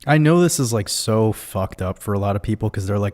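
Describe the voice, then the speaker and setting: A man's voice: on the low side, lively intonation, fairly quick, few pauses, darkish tone. A man hosting a casual livestream, reading out viewer comments in a loose, profane way and laughing often. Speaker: livestream host.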